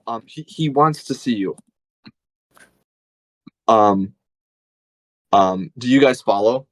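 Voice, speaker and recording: A man's voice: medium pitch, slow, long pauses, no echo, poor audio. A man running a tabletop game as game master, describing scenes casually with many fillers and restarts.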